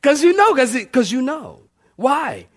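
High-pitched preacher guy, repeats lines for effect, asks the crowd for amens. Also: very animated, measured pace. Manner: preaching with call-and-response, sweeping pitch swings; builds points by repetition. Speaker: pastor. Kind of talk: sermon.

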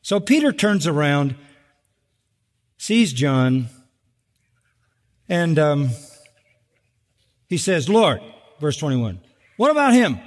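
A man preaching from the pulpit, his fairly high voice swinging widely as he acts out scripture. He is emphatic and wry, with long reverb from a large hall trailing his words. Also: extremely slow, pauses often. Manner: animated, emphatic, dramatizing scripture with wry humor. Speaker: pastor. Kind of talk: sermon.

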